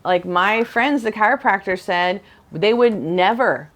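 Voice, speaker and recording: Woman co-host, animated storyteller, blunt and outspoken, casual conversation with her husband. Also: mid-range voice, measured pace. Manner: animated storyteller who acts out quoted relatives. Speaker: chiropractor and podcast co-host.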